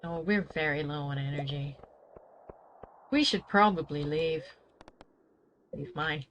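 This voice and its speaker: A woman's voice: low voice, slow pace, highs cut off, a little hiss or hum. A woman chatting wryly to herself while streaming a video game. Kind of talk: casual gameplay commentary.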